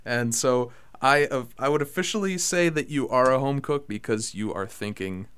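A young man hosting a casual podcast chat, rambling with many fillers and getting excitable about food. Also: mid-range voice, normal speed, clean tone. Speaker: podcast host.

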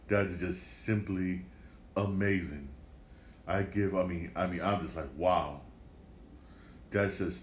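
A man with a fairly low voice runs a loose solo podcast commentary. He swears often, repeats himself and trips over restarts. The sound is echoey, with a faint room hum behind him. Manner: profane, repetitive, stumbling restarts. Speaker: podcast host.

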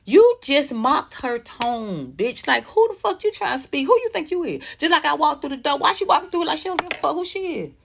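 A woman's voice: sits high, very animated, brisk, vocal fry, hardly any pauses, slight background noise. A woman in her fifties giving emphatic, outspoken pop culture commentary. She reads posts aloud, reacts to them and swears freely. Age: 50s. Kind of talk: animated commentary vlog.

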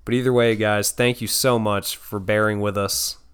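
A man's voice: fairly low pitch, little pitch movement, normal speed, fairly bright tone, smooth. A man co-hosting a podcast in a casual, playful chat, swearing freely. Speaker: podcast co-host.

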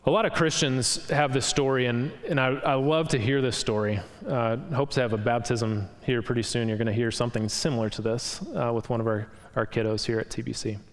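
A man's voice: mid-range voice, steady tone, a little fast, few pauses. Man preaching in an echoey hall. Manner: expository preaching with scripture readings. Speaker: pastor. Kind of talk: sermon.

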